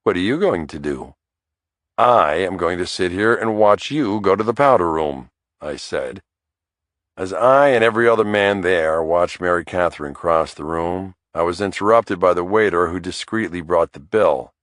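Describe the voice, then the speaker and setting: A man narrating a thriller audiobook in the first person, in a wry, measured storytelling manner. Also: deep voice, no room sound, clean studio sound.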